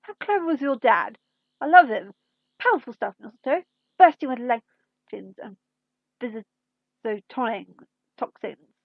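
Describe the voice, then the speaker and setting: A woman reading aloud, voicing an eager, rambling male alien time traveller who thinks out loud. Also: high-pitched, animated, unhurried, dry recording, dull audio, full character voice. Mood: excited.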